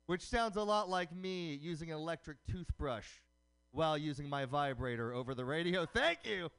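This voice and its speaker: A male stand-up comedian firing off punning jokes in a high voice. His pitch leaps up and down as he goes for laughs. The set is played live over the radio. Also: fairly bright tone, smooth. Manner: punning, quick joke delivery. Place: comedy night broadcast on radio.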